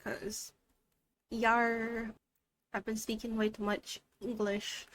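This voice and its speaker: Giggly high-voiced woman teaching, slow. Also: flat delivery, a little hiss or hum. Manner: playful, giggly, chatty. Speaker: VTuber language teacher. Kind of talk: casual streamed lesson while gaming.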